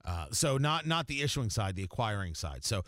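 A man's voice: fairly low pitch, big pitch swings, normal speed, a bit bright, no room sound, studio quality. A man hosting a morning radio show in a casual, jokey way, rambling with lots of fillers and restarts. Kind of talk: casual talk radio chat.

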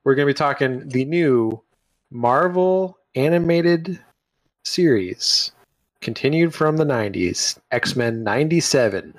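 A man's voice: mid-range voice, expressive, measured pace, no room sound. A man co-hosting a podcast in an upbeat, easygoing way. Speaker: podcast co-host. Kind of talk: casual chat.

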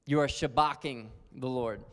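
A man's voice: medium pitch, normal speed, fairly bright tone. A man teaching on worship in an earnest, conversational sermon style, full of fillers. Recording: long hall reverb.

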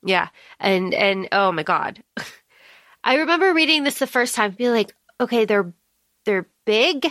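A woman's voice: mid-range voice, animated, unhurried, a bit bright, dry recording, clean studio sound. A woman co-hosting a podcast, recapping a novel in casual chat, emphatic and swearing freely, acting out the characters' lines. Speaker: podcast co-host.

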